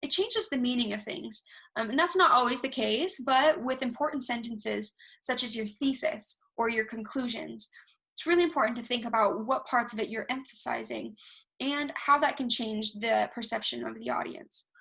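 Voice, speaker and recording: A young woman presenting a casual online workshop, talking fast and animated, recorded alone over a video call. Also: fairly high pitch, vocal fry. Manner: self-described fast talker, animated, talks with hands. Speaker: university research workshop presenter. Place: alone, recording herself at a computer. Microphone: recorded through video call software.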